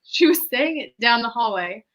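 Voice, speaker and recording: A woman's voice: a little high, normal speed. A woman, hosting a casual chat and telling stories with lots of laughter. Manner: animated storyteller who laughs often. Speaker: host.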